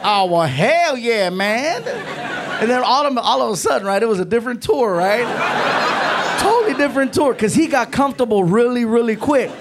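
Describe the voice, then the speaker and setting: Male stand-up, high voice, chatty and animated, noisy live recording. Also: moderate pace, a crowd in the background. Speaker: stand-up comedian. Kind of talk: stand-up storytelling.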